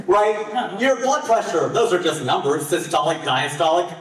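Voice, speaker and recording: A man in his late forties performing a live stand-up comedy set on a festival stage, with his voice jumping up in pitch and volume on the punchlines. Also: slow. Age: 40s. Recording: echoey hall, voice from far off.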